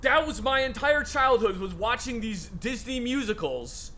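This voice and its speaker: A man's voice: very high-pitched, animated, a little slow, pushed and bright, a little hiss or hum. A man co-hosting a gaming video, chatting casually in a rambling, self-amused way with plenty of fillers. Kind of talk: casual chat while gaming.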